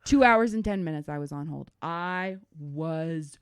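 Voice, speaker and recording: A woman's voice: sits low, unhurried, clear, resonant tone, dry recording, studio quality. A middle-aged woman co-hosting a podcast, telling a story in casual chat and swearing freely. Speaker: podcast co-host.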